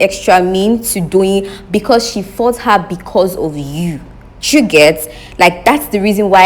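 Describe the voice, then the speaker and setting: A young woman giving an opinionated recap of a reality show, emphatic and animated, talking straight to her viewers. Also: fairly low pitch. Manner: animated, emphatic, addresses viewers as guys, repeats questions for effect. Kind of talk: casual opinionated commentary.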